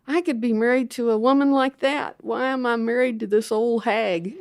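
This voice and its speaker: A woman's voice: a little high, fairly even intonation, moderate pace, voice pushed up, close to an everyday voice. A woman voicing her imagined husband as he muses wistfully about leaving. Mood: musing. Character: imagined restless husband, middle-aged man.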